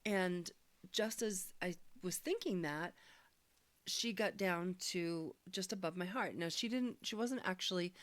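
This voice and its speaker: A woman sharing a personal healing testimony, speaking in an earnest, searching, soft-spoken way. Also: on the low side, a little slow, dry recording.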